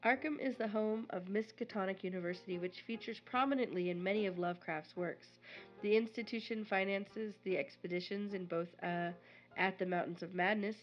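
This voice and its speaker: A woman of middle pitch co-hosts a podcast, chatty and jokey as she reads. Her sound is slightly dull and lo-fi, with faint music behind. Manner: jokey, giggly banter, then reads a quoted passage aloud. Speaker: podcast co-host. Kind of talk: podcast reading and chat.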